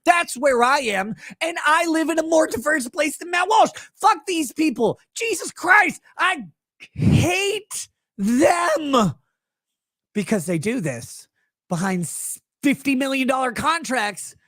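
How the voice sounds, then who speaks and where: A man in the middle of a profane reaction rant. He is angry and mocking, and his voice jumps from shouts down to low mutters. The sound is dry and close, with no room around it. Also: animated, a little slow, no room sound. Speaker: host reacting to clips.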